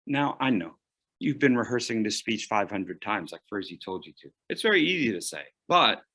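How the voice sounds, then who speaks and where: A man coaching public speaking in an online workshop, playful, with dramatic pauses, swinging from loud to hushed. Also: lowish voice, big pitch swings.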